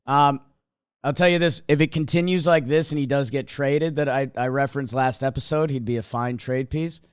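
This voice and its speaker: A man co-hosting a sports podcast, talking casually in halting bursts and laughing as he speaks. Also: mid-range voice, fairly even intonation, smooth, no room sound, studio quality. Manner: halting, self-interrupting, laughs through lines. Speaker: podcast co-host.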